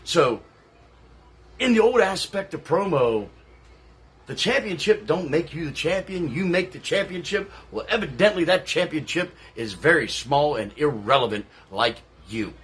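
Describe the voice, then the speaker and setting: A man's voice: fairly high pitch, animated, measured pace, a bit bright, husky, full character voice. A man playing a brash veteran wrestler cutting a profane, taunting trash-talk promo. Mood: scornful. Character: salty veteran male wrestler, brash and contemptuous.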